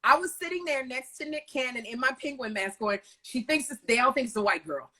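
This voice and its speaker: A woman hosting a casual live video chat, telling lively stories over a video call. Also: high voice, a little fast. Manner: animated storytelling, lively retellings. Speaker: host.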